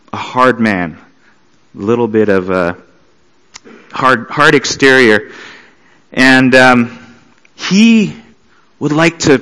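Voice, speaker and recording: A man's voice: mid-range voice, a bit bright, long reverb tail, rough recording. A man who plays in an orchestra, telling an anecdote in an easygoing, conversational way. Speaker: orchestra musician.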